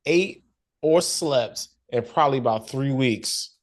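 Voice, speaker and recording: A man co-hosting a casual TV recap podcast, slangy and animated, acting out characters' lines as he talks. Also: mid-range voice, takes it slowly. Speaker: podcast co-host.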